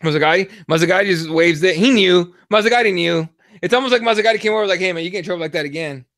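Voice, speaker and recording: A young adult man co-hosting a combat sports podcast, telling animated, profane stories in casual chat. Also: sits high, very fast, dry recording, studio quality. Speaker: podcast co-host.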